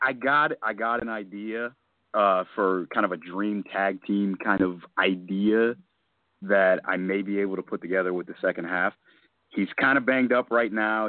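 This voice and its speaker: A man's voice: on the low side, no echo. A man co-hosting a casual wrestling podcast, thinking aloud with a laugh in his voice. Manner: lively, laughing, thinking out loud. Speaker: podcast co-host. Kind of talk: casual wrestling fantasy draft chat. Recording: tinny phone-line audio, dry.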